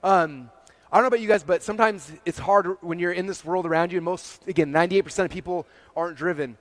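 A man giving a motivational talk to a live audience, energetic and peppered with "like", often checking in with "okay?" and "right?". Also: sits high, quick pace. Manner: heavy use of "like" as a filler. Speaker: speaker presenting to a live audience.

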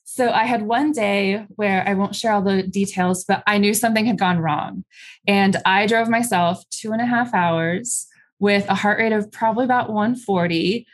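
A woman's voice: medium pitch, normal speed. A woman guest in an interview, recounting her own experience candidly and conversationally, with frequent ums and likes. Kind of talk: candid personal storytelling in an interview.

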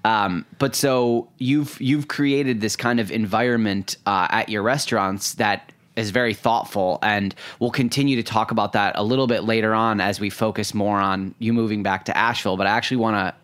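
A man with a somewhat low voice hosts an interview. He asks long, measured questions and builds each one up before reaching the point. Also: steady tone, fairly bright tone, clean tone. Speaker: podcast interviewer.

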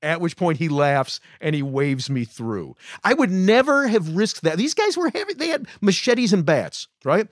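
A man's voice: high voice, very animated, normal speed, hardly any pauses, dry recording, studio quality. A man co-hosting a podcast, telling a road story in a casual, self-deprecating way with many restarts. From United States. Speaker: podcast co-host.

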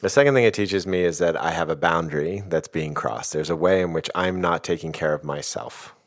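A man's voice: low voice, fairly quick. A middle-aged man talking thoughtfully about emotions in a casual, filler-heavy way. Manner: thoughtful, uses many fillers like "like" and "you know". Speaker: guest speaker on emotions. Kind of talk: reflective casual talk.

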